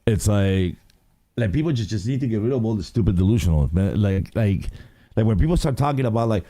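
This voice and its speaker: A man in a casual podcast chat who rants in long, rambling, profane runs. His voice is mellow and dark, yet his pitch swings widely. It sounds dry and close to the mic. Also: fairly quick, no echo. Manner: profane, rambling, animated rant with lots of fillers. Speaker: podcast co-host.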